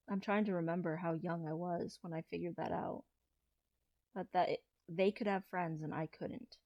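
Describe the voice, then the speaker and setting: A trans man in his thirties, talking through a personal confessional vlog in a low-key, hesitant way with frequent restarts. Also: creaky, warm tone, no room sound, muffled recording. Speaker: vlogger.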